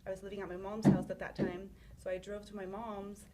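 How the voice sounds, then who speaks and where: A woman's voice: medium pitch, little pitch movement, a little fast, a loud crowd. A young woman in casual chat, telling a personal story in a rambling way with many fillers. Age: young adult.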